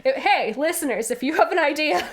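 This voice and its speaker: A young woman co-hosting a podcast, chatting casually and rambling excitedly about a story she loves. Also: high-pitched, a little fast. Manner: rambling and excitable, acts out characters' lines. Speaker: podcast co-host. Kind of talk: casual fan chat.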